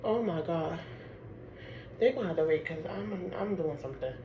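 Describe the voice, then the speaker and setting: New woman, casual storytime vlogger, animated and chatty, roomy echo, noisy background. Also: fairly low pitch, moderate pace, muffled recording. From Harlem, New York. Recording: echoey room with background noise.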